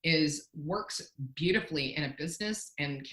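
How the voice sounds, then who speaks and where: A woman's voice: deep voice, normal speed, a bit bright, roomy sound, rough recording. A woman, a company founder, telling a candid, self-deprecating story in a casual interview, often restarting her sentences.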